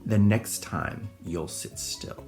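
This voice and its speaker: Man doing a stern mother, calm, quiet, raised pitch, controlled. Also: moderate pace, faint music behind. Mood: cold warning. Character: calm, stern mother disciplining her young son.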